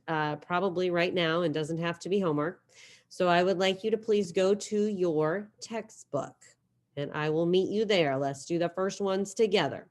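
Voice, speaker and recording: Woman teaching a video-call class. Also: fairly low pitch. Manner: drills conjugations slowly, then talks quickly. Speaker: Spanish teacher. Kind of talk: online class lecture with screen share. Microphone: computer mic on video call.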